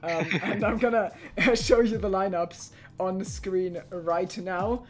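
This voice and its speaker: A man's voice: sits high, steady tone, slow. A man hosting and commentating a live online racing tournament in a chatty, jokey way, running the show. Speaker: host commentator.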